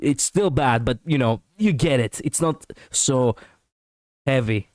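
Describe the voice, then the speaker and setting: A man streaming casual reaction commentary, chatty and quick to laugh, on a close mic. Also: medium pitch, animated, a little mellow, dry recording.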